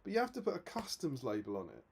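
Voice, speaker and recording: A man co-hosting a casual livestream, telling stories in an animated, exasperated way. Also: medium pitch, fast talker, gravelly, slight background noise. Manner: animated, exasperated storytelling with laughs. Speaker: co-host.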